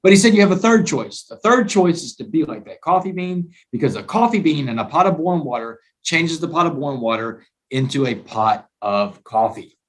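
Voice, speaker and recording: A man, a guest author telling his story in an emphatic, animated way during a talk-show interview. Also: fairly high pitch, fairly quick, hardly any pauses.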